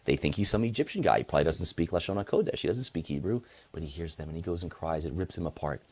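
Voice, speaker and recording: Deep voiced guy teaching torah casually, super lively ups and downs. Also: fast, husky. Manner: animated, conversational retelling.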